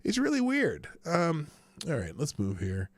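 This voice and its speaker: A man's voice: a little high, wildly swooping pitch, measured pace, no echo. A man hosting a live news commentary show, talking in a sarcastic, rambling way with frequent swearing and restarts.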